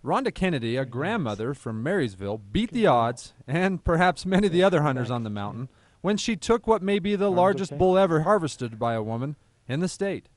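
A man's voice: a little high, sing-song, fairly quick, no room sound. A man working as an outdoor TV reporter, narrating a news feature and chatting with an interviewee in an upbeat tone.

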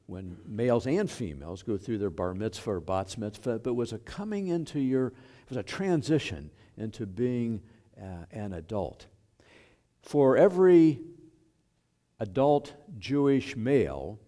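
Slow, mellow-voiced male pastor preaching. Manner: unhurried and lively in pitch, with fillers. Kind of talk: sermon. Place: church sanctuary.

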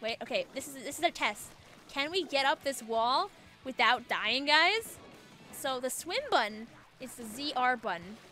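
A woman calls out her moves in excitable, chatty let's-play commentary and laughs often. Her voice sits high and rings bright and sharp. Game music plays faintly behind her. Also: normal speed. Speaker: gaming video creator.

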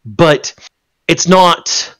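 A man in casual discussion, animated and profane, often restarting his sentences. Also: fairly high pitch, extremely slow, clean tone. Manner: animated, swears freely, stumbles and restarts.

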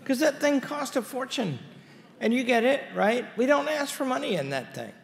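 A man's voice: very high voice, animated, moderate pace, creaky. A man, a college president, giving an anniversary speech to an audience in a large hall, telling folksy stories with wry asides. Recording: hall reverb with faint ambience.

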